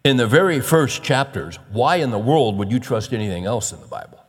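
A man preaching a sermon as pastor, folksy and animated, with soft chuckles. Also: medium pitch, brisk, husky, in a large hall.

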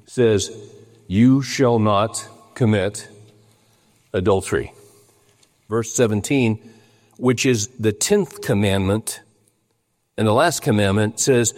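Older preacher man in a reverberant hall. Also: on the low side. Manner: storytelling, emphatic, acts out quotes in a raised voice. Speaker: pastor. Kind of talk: sermon.

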